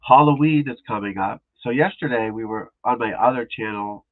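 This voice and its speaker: A golf instructor from New England streams live, rambling casually, restarting sentences, and talking to his viewers. His voice is mid-range at a moderate pace, and the audio sounds tinny, like a phone.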